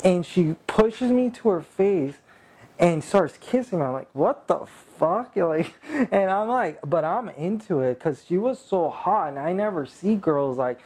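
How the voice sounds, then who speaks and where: Man, from California, casual anecdote, bragging, swearing, lively storytelling. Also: high-pitched, unhurried. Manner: boastful, profane, animated storytelling.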